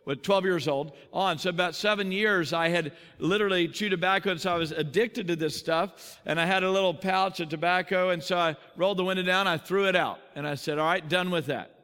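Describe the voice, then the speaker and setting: A middle-aged man preaching, telling his own story in earnest, now quick, now slowing down for weight. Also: sits high, bright, forceful tone, clear, resonant tone, in a large hall. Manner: earnest personal testimony, quick then slowing for emphasis. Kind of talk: sermon storytelling. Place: large conference hall.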